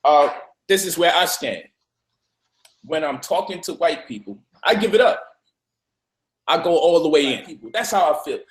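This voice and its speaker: High-voiced man preaching hard in an echoey room. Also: animated, moderate pace, long pauses. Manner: forceful, profane, preaching. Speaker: speaker in a debate. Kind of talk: heated discussion.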